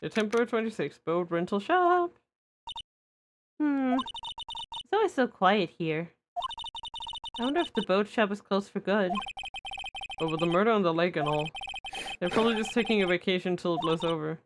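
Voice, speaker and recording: Expressive woman streamer reading game text. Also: mid-range voice, brisk, long pauses, noisy background. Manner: expressive, playful read-along. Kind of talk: reading a visual novel aloud on stream. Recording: livestream with game music behind.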